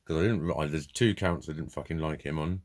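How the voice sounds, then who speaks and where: A man's voice: a bass voice, a little fast, a little mellow. A man talking to camera in a casual vlog monologue, rambling and blunt, swearing heavily as he talks. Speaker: vlogger.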